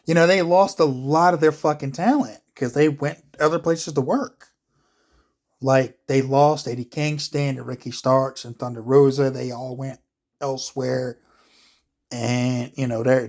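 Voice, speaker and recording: A man gives casual ranting commentary on wrestling to camera, swearing and rambling in exasperation with lots of filler words. His voice is medium-pitched and darkish, with fairly even intonation at normal speed.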